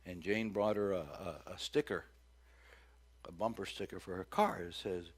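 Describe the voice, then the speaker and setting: A middle-aged man preaching a sermon as pastor, folksy and joking, with big loud swings when he acts out cries. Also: low voice, fairly even intonation, normal speed.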